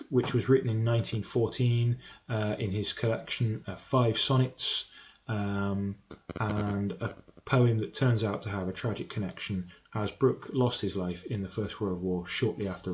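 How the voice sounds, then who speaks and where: A man's voice: fairly low pitch, steady tone, unhurried. A man teaching English literature in a recorded lesson, explaining a poem with frequent ums and uhs and some self-correction. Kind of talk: recorded lesson on poetry analysis.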